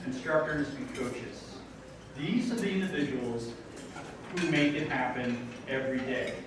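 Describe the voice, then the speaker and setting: A man speaks at a dinner gala, a bit higher-pitched than most men, with an easy, joking delivery full of ums. He sounds far from the mic, and a very echoey banquet hall rings around him. Cutlery and dishes clatter behind him. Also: noisy background. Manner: casual, with frequent ums and self-deprecating jokes. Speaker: school founding board member. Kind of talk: informal gala speech. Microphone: podium microphone heard from a distance.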